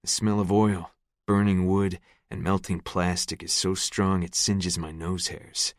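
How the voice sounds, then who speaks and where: A man's voice: low voice, level tone, measured pace, dry recording. A man narrating a gritty first-person audiobook in a close, scripted read. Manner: gritty, profane storytelling.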